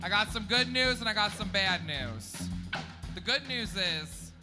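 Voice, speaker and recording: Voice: medium pitch, animated, a little slow, loud music behind the voice. A host emceeing a comedy show on a club stage, hyped and bossy with the crowd.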